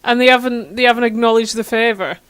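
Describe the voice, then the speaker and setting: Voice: medium pitch, steady tone, fast, fairly bright tone, clean tone, no echo. A co-host in casual podcast chat, questioning in a dry, skeptical way.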